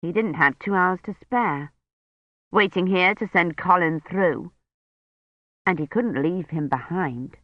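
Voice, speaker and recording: Man, audiobook narration, measured storytelling, dry close sound, slightly dull lo-fi. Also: sits high, no room sound. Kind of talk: scripted narration.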